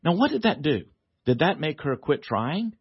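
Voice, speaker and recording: A man, a guest author on a radio talk show, telling a family story in a lively way, laughing often and acting out the voices. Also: on the high side, normal speed, husky, no room sound, dull audio.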